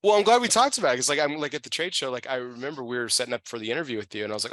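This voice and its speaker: A man hosting an interview, talking in a relaxed, halting way with repeated words while he smokes a cigar. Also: mid-range voice, no room sound. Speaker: podcast host. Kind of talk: casual interview chat.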